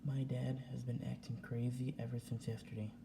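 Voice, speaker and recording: A man's voice: medium pitch, little pitch movement, fairly quick, gravelly, noisy background. A young man ranting casually to his camera at home, repeating himself and swearing as he talks. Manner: repetitive, agitated, swearing. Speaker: vlogger. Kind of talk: casual vlog rant. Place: home indoors.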